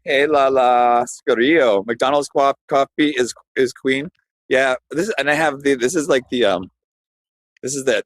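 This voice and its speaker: A man's voice: mid-range voice, low-quality recording. A man streams live from his phone as he walks outside, talking to his chat in a loose, meandering way. His thoughts drift and restart as he goes, and there is a faint hum of outdoor noise behind him. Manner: loose, rambling and chatty, talks to chat viewers. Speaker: livestreamer. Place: outdoors, walking through a neighborhood.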